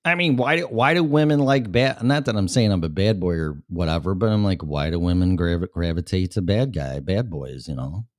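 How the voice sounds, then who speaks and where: A lowish-voiced man hosts his own radio show and talks straight into a studio mic. He rambles in a blunt, profane way, and the sound is dry and close with almost no room echo. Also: brisk, few pauses. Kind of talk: casual monologue. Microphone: studio microphone.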